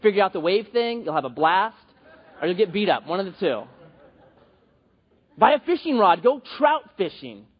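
Husky animated preacher in a reverberant hall. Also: male voice, high-pitched, moderate pace, long pauses. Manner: animated, joking, conversational preaching with many restarts. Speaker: pastor. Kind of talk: sermon. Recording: dull, reverberant hall recording.

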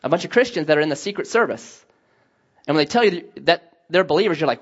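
A man preaching a sermon as a pastor, telling stories with lively acted-out dialogue. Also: a little high, quick pace. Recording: dull lo-fi sound.

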